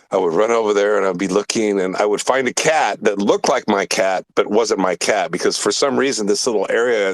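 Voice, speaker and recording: Low-voiced guy rambling through a story, swears a lot, dry close sound. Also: dry recording. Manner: rambling, profane, emphatic storyteller. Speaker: podcast host. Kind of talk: casual storytelling chat.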